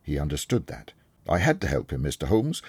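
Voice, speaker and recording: Humble loyal old servant, earnest and low, a man reading him. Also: big pitch swings, a little fast, a little mellow, slightly rough, dry recording, exaggerated voice.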